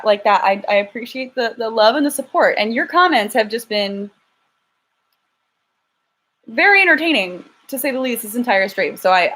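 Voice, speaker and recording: A woman's voice: fairly high pitch, fairly bright tone. A young woman chatting casually on a live stream, frank and self-deprecating, often stumbling and restarting as she answers viewers' questions. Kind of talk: casual live-stream chat reading super chats. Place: home, lives in LA.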